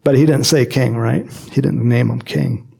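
A man preaching a sermon in a lively, joking manner, acting out quotes and adding chuckling asides as he explains a Bible passage. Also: medium pitch, normal speed, gravelly, husky. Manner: animated and jokey, acts out quotes, frequent chuckles and asides.

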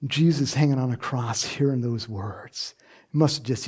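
A man preaching a sermon in a lively way, acting out quoted voices and laughing often. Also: medium pitch, unhurried, slightly rough. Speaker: pastor.

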